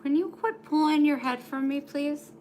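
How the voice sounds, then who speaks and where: A woman's voice: high-pitched, normal speed, darkish tone, a little hiss or hum. A woman chatting casually on a live stream at home, talking to viewers and cooing to her dog in baby talk. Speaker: vlogger.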